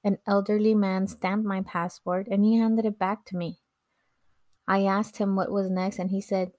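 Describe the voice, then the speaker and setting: Flat-voiced woman narrating her own story. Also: medium pitch, normal speed, dry recording, clean studio sound. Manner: earnest, reflective storytelling. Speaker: podcast host telling her own story. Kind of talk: scripted personal narration.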